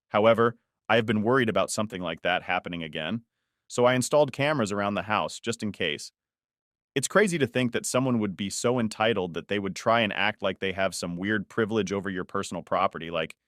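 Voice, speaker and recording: A man narrating a first-person story from an online forum in a steady, even storytelling delivery. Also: lowish voice, no room sound, studio quality. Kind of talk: reading a reddit story aloud.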